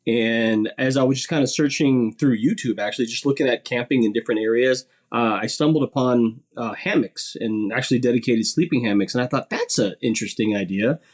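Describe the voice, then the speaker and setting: A man's voice: mid-range voice, a little fast, hardly any pauses. A man chatting casually as a podcast guest, rambling a little and repeating words as he starts his sentences.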